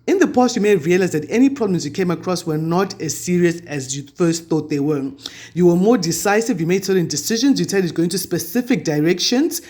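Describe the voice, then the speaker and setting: A man's voice: high-pitched, lively intonation, fast talker, darkish tone. A man giving a weekly tarot reading to camera, chatty and reassuring as he passes on spiritual guidance. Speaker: tarot reader.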